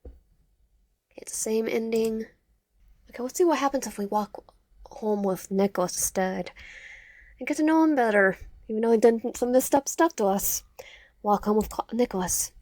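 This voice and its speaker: A woman's voice: medium pitch, normal speed, a little mellow, no room sound. A young woman reading a visual novel aloud and commenting casually, often tripping over words and correcting herself. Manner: stumbles and self-corrects while reading.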